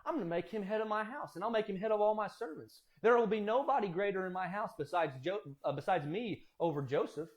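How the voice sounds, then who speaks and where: A man voicing a wealthy master musing quietly about his servant. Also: high-pitched, animated, quick pace, hardly any pauses.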